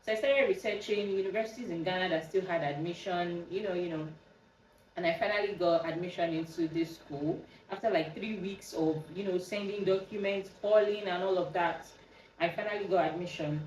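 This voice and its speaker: A woman's voice: lowish voice, fairly quick, distant mic, slight background noise. Nigerian woman telling a story, roomy. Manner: animated, acts out quoted dialogue with a raised voice. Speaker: podcast host. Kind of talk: casual storytelling.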